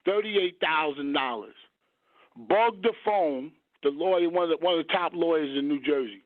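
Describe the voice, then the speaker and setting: A man's voice: a little high, normal speed, dry recording. A man hosting a radio talk show, telling a long personal story in a rambling way and stopping to search for words. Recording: dry phone-like radio audio.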